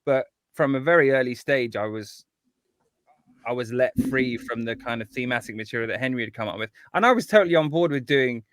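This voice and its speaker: A man chats as an interview guest in an eager, rambling way, tripping over his own restarts. His voice sits at a middle pitch and sounds dry and close, with no room around it. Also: a little fast, fairly bright tone, dry recording. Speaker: guest composer. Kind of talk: casual interview chat.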